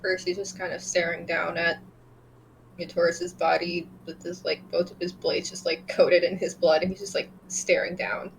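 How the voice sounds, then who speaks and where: Female player, halting, thinking out loud, faint background noise. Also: fairly low pitch, flat delivery, gravelly, rough recording. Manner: hesitant, counting aloud. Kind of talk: tabletop game play, rolling damage.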